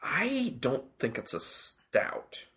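A man tasting a beer and talking through its flavors in a casual, thoughtful chat, often pausing to find his words. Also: mid-range voice, huge pitch swings, fairly bright tone. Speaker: beer taster.

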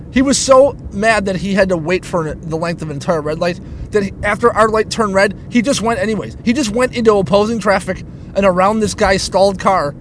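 A man hosting his own show, ranting profanely and stumbling over restarts while he drives. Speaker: podcast host. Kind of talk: casual ranting monologue. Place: inside a moving car. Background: engine rumble of the car.

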